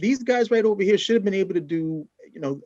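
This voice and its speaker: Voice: medium pitch, animated, quick pace, warm tone, no room sound. Opinionated co-host with a dull, dry sound. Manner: emphatic, opinionated. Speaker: podcast co-host. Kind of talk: casual review chat.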